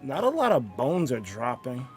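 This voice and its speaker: A man's voice: mid-range voice, wildly swooping pitch, moderate pace, darkish tone, faint music behind. A man streaming a game, chatting casually with many fillers and restarts. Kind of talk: casual gaming stream chat.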